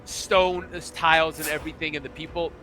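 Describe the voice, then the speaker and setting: A man's voice: on the high side, steady tone, fairly quick, pushed and bright. A man narrating a tabletop game as its game master, loose and rambling with many fillers.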